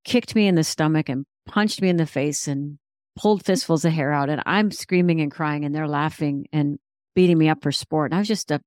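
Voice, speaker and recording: A woman's voice: deep voice, brisk, a little mellow, dry recording, studio quality. A middle-aged woman, a guest author and speaker, giving a personal faith testimony in an earnest, reflective way.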